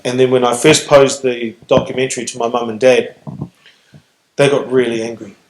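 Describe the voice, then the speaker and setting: A man's voice: mid-range voice, little pitch movement. Earnest New Zealand man in a roomy hall. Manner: earnest, slow, halting with pauses. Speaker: guest speaker. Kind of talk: reflective public storytelling Q&A. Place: stage in a hall.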